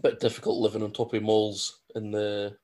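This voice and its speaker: A man's voice: lowish voice, completely flat delivery, moderate pace, mellow. A man co-hosting a podcast in casual chat, bantering and laughing easily. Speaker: podcast co-host.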